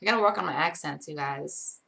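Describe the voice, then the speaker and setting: A woman's voice: low voice, a little fast, vocal fry, bright, forceful tone. Tired young woman rambling on a live stream. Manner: rambling, self-deprecating, reading chat aloud. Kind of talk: casual live-stream chat.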